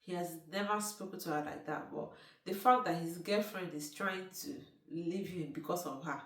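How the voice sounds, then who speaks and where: A woman's voice: on the low side, moderate pace, fairly bright tone. A woman, casually retelling a film's plot and often turning to ask the listener questions. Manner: chatty, asks the listener questions, restarts often. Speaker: storyteller recapping a film. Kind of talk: casual spoken movie recap. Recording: roomy sound from a distant mic.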